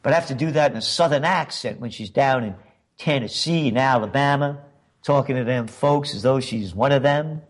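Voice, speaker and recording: A man's voice: mid-range voice, moderate pace. A man hosting a commentary show, delivering a sarcastic, emphatic political monologue full of rhetorical questions.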